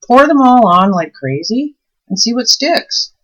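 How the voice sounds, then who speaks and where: A woman's voice: on the high side, very animated, measured pace, a bit bright. A woman chatting casually while making soap, telling stories and easily delighted. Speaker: soap maker and channel host. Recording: dull, muffled recording.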